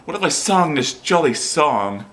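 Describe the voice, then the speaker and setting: A man's voice: on the high side, sing-song, unhurried. A man with an English accent hosting a comedy video, reading stories aloud with playful asides. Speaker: host. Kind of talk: comic storytelling video.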